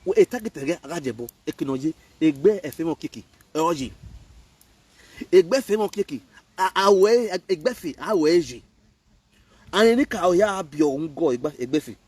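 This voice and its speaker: Animated Nigerian Pidgin-speaking man, scolding. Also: a little high, moderate pace, slightly rough, far from the mic. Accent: Nigerian Pidgin English. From Benin, Nigeria. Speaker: online commentator. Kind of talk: live video rant.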